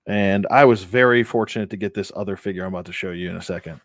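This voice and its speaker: A man's voice: low-pitched, quick pace. A middle-aged man from the Buffalo area hosting a casual toy-collecting livestream, rambling, laughing often and greeting viewers by name. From Buffalo, New York area.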